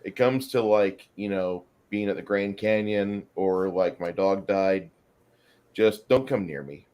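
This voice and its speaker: A man's voice: sits low, a little slow, a little mellow, smooth. A man hosting a casual movie chat online, joking and bantering with his viewers. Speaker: host.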